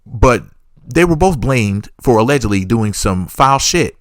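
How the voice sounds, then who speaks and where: A man's voice: medium pitch, expressive, unhurried, no echo, clean studio sound. A man working as an entertainment reporter, giving rambling, sarcastic gossip commentary that he keeps padding with mock disclaimers.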